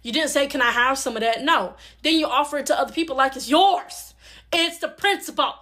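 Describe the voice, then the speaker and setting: A woman's voice: high voice, brisk, a bit bright. A woman acting out a blunt, cranky seventy-five-year-old grandmother in a comedy skit. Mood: indignant. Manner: blunt, grudging.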